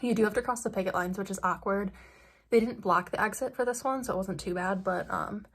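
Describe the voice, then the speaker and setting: A woman's voice: medium pitch, a little fast, slightly rough. A young woman, a student, chatting casually into her phone camera in a rambling way with lots of "like". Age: young adult. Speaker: study-abroad student vlogger. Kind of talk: casual vlog chat.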